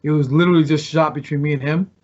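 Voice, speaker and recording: High-voiced man swearing through stories. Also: racing. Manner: animated storyteller, swears freely, laughs often. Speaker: podcast guest, former pro wrestler. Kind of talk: casual chat, telling road stories. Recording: muffled lo-fi recording.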